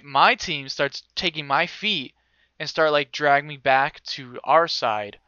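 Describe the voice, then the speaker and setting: A young man telling a story in a casual group chat, animated, laughing often and swearing freely. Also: on the high side, clear, resonant tone, no room sound, lo-fi sound.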